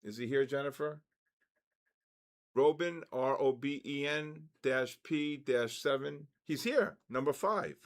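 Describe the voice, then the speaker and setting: Excitable man hosting a livestream giveaway. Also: mid-range voice, slow. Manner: excitable, calls out numbers and names, exclaims loudly. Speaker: livestream host running a giveaway. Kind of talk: casual livestream chat.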